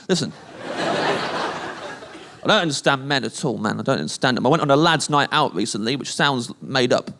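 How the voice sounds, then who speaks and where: A male stand-up with a lively, somewhat high voice. He laughs at his own lines and mocks himself as he goes. Loud crowd noise fills the recording. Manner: giggly, self-mocking delivery. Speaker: stand-up comedian. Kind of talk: stand-up comedy. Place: comedy stage.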